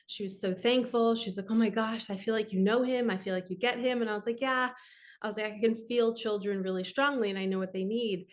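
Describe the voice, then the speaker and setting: Woman host, earnest and chatty, middle pitch, personal storytelling to listeners. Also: fairly even intonation, brisk. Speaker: spiritual podcast host.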